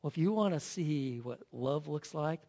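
A male pastor preaching with a high, lively voice that climbs and falls all over. He tells the story with drama, moves between loud lines and quiet ones, and keeps asking the listeners questions. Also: normal speed. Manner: asks the audience rhetorical questions. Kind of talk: sermon.

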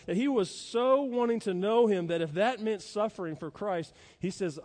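A male pastor preaching a sermon in an earnest, folksy way, talking straight to the congregation and swinging between loud emphasis and quiet asides. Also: high voice, expressive, normal speed, hardly any pauses, long reverb tail. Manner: folksy, addresses the congregation directly.

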